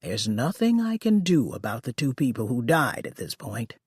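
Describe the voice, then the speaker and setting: The narrator voicing a gruff middle-aged male detective who smokes, speaking in a low, serious, calmly menacing voice. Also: normal speed, no echo, studio quality. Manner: calm, coolly menacing.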